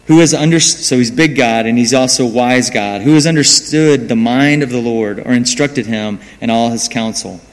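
An American pastor preaches a sermon in a church hall, speaking conversationally and mocking himself, with asides to the congregation. His voice is medium in pitch, his pace moderate with hardly any pauses, and the hall adds long reverb.

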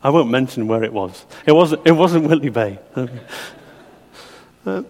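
A man's voice: mid-range voice, lively intonation, a little slow, darkish tone. A middle-aged man preaching a sermon, chatty, often asking his listeners questions. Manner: conversational, asks the congregation questions. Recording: long hall reverb.

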